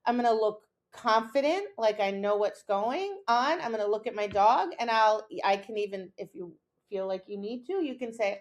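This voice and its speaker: A fairly high-voiced, middle-aged woman talks through dog training in a relaxed podcast chat. She is animated and keeps slipping into little acted lines for herself and her dog. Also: normal speed, few pauses. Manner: animated, acts out her own lines and her dog's reactions. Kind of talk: casual instructional chat.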